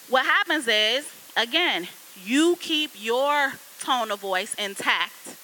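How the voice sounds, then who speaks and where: A woman speaking to a class of students as a guest copywriter, in a lively, casual, conversational way, turning often to address them directly. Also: on the high side, rough recording.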